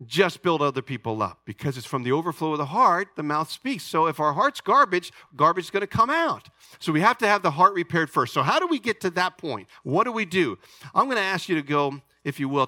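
A man's voice: a little high, dry recording. A middle-aged man preaching a sermon as pastor, calling out to his congregation and asking for an amen. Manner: animated preaching, calls to the congregation. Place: church sanctuary.

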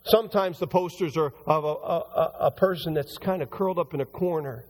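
A man preaching a conversational sermon as pastor, his voice a little hoarse and recovering. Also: a little high, brisk, a little mellow. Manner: conversational, rambling with restarts. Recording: long hall reverb.

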